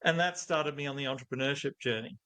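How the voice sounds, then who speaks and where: A man's voice: mid-range voice, fast talker, sharp tone. A middle-aged man, a guest in an interview, talking thoughtfully and telling anecdotes. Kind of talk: conversational interview.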